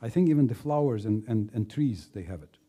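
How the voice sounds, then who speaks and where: Husky low-voiced man teaching gently. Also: expressive. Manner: halting, repeats words, acts out little scenes. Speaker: spiritual teacher. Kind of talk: informal spiritual talk.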